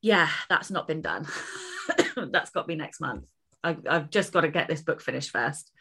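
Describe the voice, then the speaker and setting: Woman cohost chatting on a podcast, bright sharp voice, lowish, talks in quick bursts and restarts. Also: expressive, gravelly, husky. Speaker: podcast co-host, author. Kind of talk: casual podcast chat.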